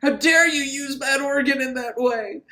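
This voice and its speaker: A man's voice: high-pitched, sing-song, normal speed, a bit bright, echoey room. A man voicing a pompous, indignant male church minister. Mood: outraged. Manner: pompous, outraged.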